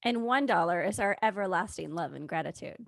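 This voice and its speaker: Woman, podcast co-host, gravelly voice, dry close sound, casual playful chat. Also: fairly low pitch, expressive, a little fast, no room sound.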